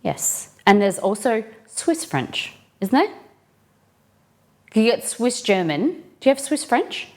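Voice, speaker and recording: A woman's voice: on the high side, big pitch swings, slow, a little mellow. A woman hosting a live cooking stream, chatting casually with viewers and greeting them by name.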